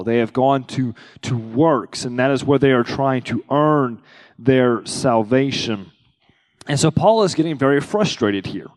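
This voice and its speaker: A man's voice: medium pitch, a little mellow, big-room sound. A young adult male pastor preaching a conversational sermon, acting out quotes with rising emphasis.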